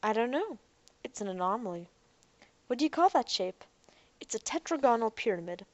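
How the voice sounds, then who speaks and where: A woman reading the part of an earnest, clever young man in an audiobook, talking in a slightly hurried, explaining way. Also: fairly high pitch, big pitch swings, no room sound, lo-fi sound.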